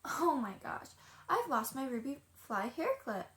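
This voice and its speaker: A woman's voice: sits high, sing-song, unhurried, fairly bright tone, exaggerated voice. A woman voicing a bubbly young girl who is a film star, in a storybook reading, with a breezy, chirpy manner.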